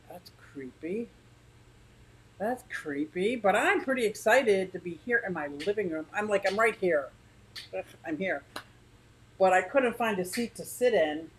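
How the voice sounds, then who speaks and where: A woman's voice: mid-range voice, rough recording. A woman hosting a casual livestream from her living room, rambling chattily and greeting viewers by name. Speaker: aquarium channel host.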